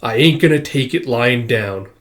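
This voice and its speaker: A man reading aloud from a comic and voicing a brash, defiant older male storyteller in a casual, gruff way. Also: mid-range voice, animated, moderate pace, a bit bright, close to an everyday voice.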